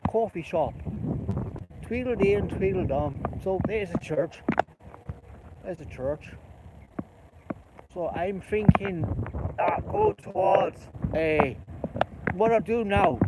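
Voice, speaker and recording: A man vlogging while walking uphill outdoors, rambling and joking in a put-on Irish accent. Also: sits high. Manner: rambling, chatty, jokey. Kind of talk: walking vlog. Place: outdoors on hilly streets. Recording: loud wind noise outdoors.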